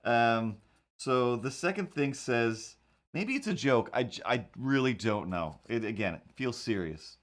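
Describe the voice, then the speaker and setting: A man's voice: mid-range voice, animated, unhurried. A man chatting casually while he draws, rambling in a wry, incredulous way. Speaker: cartoonist streamer. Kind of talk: casual chat while drawing.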